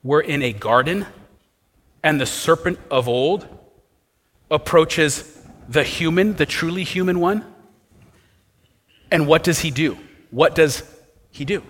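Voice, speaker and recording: Male pastor with a slightly raised pitch, expository sermon, rhetorical questions, long hall echo. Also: takes it slowly, pauses often, a bit bright.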